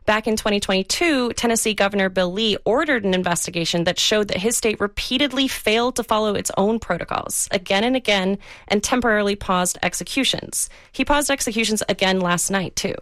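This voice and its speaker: A woman investigative correspondent explaining the facts in an even, factual studio news report. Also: medium pitch, brisk, hardly any pauses, dry recording.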